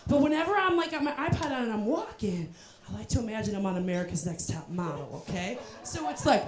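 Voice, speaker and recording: A woman's voice: a little high, lively intonation, fairly quick, background noise. A young woman performing a stand-up comedy set, telling self-deprecating stories with voiced asides and punchlines. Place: live comedy venue with audience. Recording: roomy live venue with crowd.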